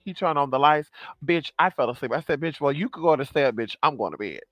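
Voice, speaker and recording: Young guy vlogging, bright sharp voice, dry close sound, swoops up high telling a spooky story, swears a lot. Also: fast talker, no echo. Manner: animated, profane, dramatic swoops into high pitch. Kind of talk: casual storytelling.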